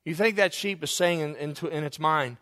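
A man's voice: on the high side, brisk, fairly bright tone. A male preacher delivering a sermon, asking his listeners rhetorical questions, repeating phrases and building to passionate climaxes.

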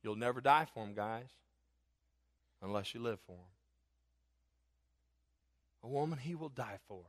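A middle-aged man preaching a sermon as a pastor, telling jokes and stories in an animated way. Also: medium pitch, slow pace, pauses often. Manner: animated, joking storyteller. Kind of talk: humorous sermon.

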